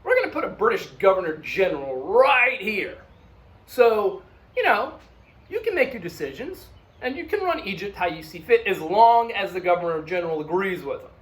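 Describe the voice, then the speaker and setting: A male teacher hamming up a condescending British official, pushed high and loud, with a lively sing-song swing. The mock voice lays down the terms in a bossy, emphatic way. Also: moderate pace. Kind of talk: classroom role-play.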